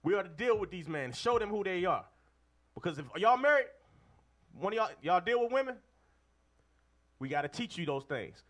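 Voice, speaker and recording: Man, preacher, high-pitched, very animated, emphatic, call-and-response. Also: moderate pace, long pauses. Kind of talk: street-style sermon to a group of men.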